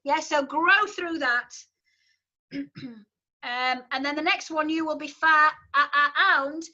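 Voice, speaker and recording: A woman's voice: sits high, measured pace, bright, forceful tone, lo-fi sound. A woman with a Yorkshire accent, a choir leader explaining a song to her singers in a chatty, encouraging way. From Yorkshire, England. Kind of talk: online rehearsal instruction.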